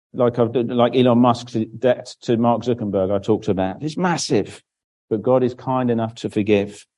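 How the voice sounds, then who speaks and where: A man's voice: mid-range voice, dark tone, poor audio. A man giving a children's Bible talk in church, explaining simply and asking questions that he then answers himself. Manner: draws on a board while speaking, with frequent restarts.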